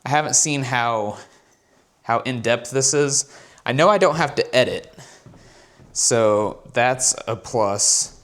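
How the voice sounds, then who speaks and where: A man's voice: medium pitch, slow, long pauses, fairly bright tone. A man talking casually in a vlog, telling a rambling story about his work from home. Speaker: vlogger and content creator.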